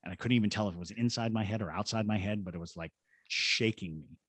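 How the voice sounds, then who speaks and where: On a dry recording, a middle-aged paranormal investigator from Georgia, USA, rattles off a story in rapid-fire fashion as a podcast guest. He voices the people in it, and his own voice is lowish and husky. He also guides ghost tours.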